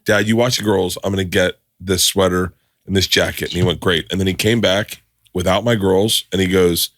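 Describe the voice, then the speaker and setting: A man's voice: sits low, fairly even intonation, brisk, fairly bright tone. A man hosting a podcast, talking in a brash, crude, rambling way. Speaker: podcast host. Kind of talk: casual podcast chat.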